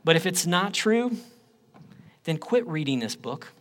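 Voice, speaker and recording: Slow, emphatic preacher. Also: male voice, sing-song. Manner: emphatic preaching, swings between loud declarations and low quiet phrases. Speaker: pastor. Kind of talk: sermon.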